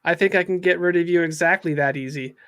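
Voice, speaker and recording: A man's voice: fairly high pitch, fast, fairly bright tone, clear, resonant tone, natural voice. A man voicing a traumatized teenage boy who speaks in a wry, bitter way.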